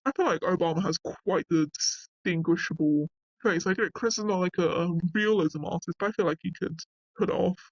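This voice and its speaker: A man with a high-pitched voice reads an online article aloud and cuts in with blunt, casual reactions, sometimes cursing. The recording sounds dull and lo-fi, with a dry sound and no room echo. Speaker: commentator reading a wiki article aloud. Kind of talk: casual reading and commentary.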